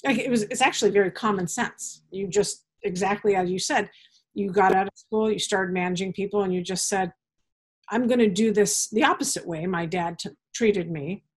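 A woman hosting an interview, responding to her guest in an earnest, measured way with soft, emphatic pauses. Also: medium pitch, husky. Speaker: podcast host.

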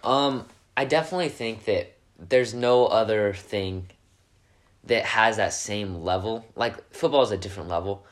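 Teen guy on a podcast, kinda low voice, earnest and pumped. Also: normal speed. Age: teens. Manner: earnest and upbeat, gets animated. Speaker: guest, high school quarterback. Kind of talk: casual interview chat.

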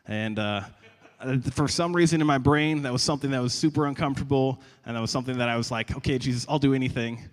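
A young man preaching a sermon in a conversational, animated way, often stumbling and repeating words. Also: medium pitch, quick pace, hardly any pauses, a little hiss or hum. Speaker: pastor. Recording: long reverb of a large hall.

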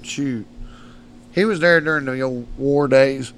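A man's voice: medium pitch, unhurried, slight background noise. A man, a podcast guest telling wild stories in a studio, laughing often and swearing freely. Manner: animated, laughs often, salty language. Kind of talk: rowdy storytelling.

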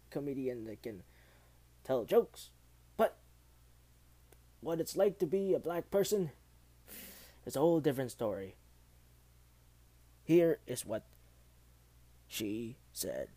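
Mellow man hosting a rambling news show. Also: mid-range voice, sing-song. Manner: halting and rambling, with many fillers and restarts. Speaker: host of a homemade news show. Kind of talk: casual news roundup.

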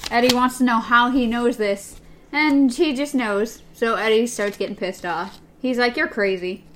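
A woman's voice: fairly high pitch, normal speed, a bit bright. A woman co-hosting a casual book chat, retelling scenes loosely with small laughs.

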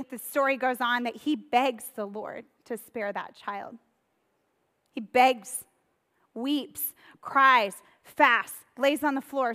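Woman pastor, sermon, conversational storyteller, fairly high voice, echoing church hall. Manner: conversational, storytelling, animated retellings.

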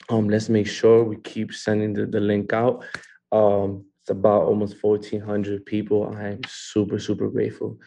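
A man's voice: on the low side, gravelly, warm tone. A man hosting a live online training call from a home, talking in an upbeat way and repeating words for emphasis. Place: a home in California.

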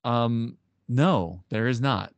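A man's voice: mid-range voice, takes it slowly, no room sound, lo-fi sound. A man co-hosting a casual podcast chat, dry, skeptical and stubborn. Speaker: podcast co-host.

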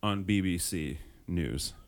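A man hosting a podcast in casual chat, joking crudely with frequent swearing and halting restarts. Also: low-pitched. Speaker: podcast host.

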